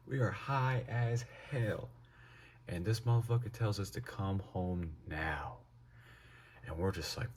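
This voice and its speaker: A young man telling a casual storytime with lots of swearing and animated delivery. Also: deep voice, slightly rough. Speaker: vlogger.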